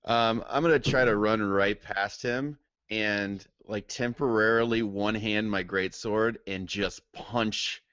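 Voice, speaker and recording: Hesitant man at a gaming table, low gravelly voice, dry dull lo-fi mic. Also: fairly even intonation, measured pace, hardly any pauses, a bit bright, no echo. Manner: hesitant, lots of ums. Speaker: player. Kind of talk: casual tabletop game chat.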